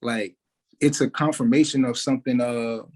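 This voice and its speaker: A man, a musician giving an interview, talking in a relaxed way with many fillers like "like" and "you know". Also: medium pitch, normal speed, rough recording. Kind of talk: casual interview talk.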